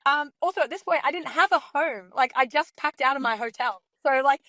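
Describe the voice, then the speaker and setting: A woman's voice: high-pitched, fairly quick, pushed and bright, dry recording. A young Australian woman, a pro basketball player, casually telling a story and filling her talk with "like". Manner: chatty, peppered with "like", acts out quotes. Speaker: professional basketball player guest.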